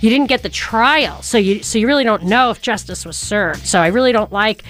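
A woman hosting a talk radio show, chatty and quick, on a studio microphone. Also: medium pitch, a bit bright, faint music behind.

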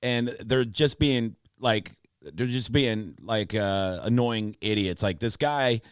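A man's voice: lowish voice, slow pace, clear, resonant tone, dry recording. A man in his forties hosting a radio talk show, telling stories with lots of fillers. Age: 40s. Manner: animated storytelling, frequent fillers, laughs. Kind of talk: casual talk radio banter. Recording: dull dry studio sound.

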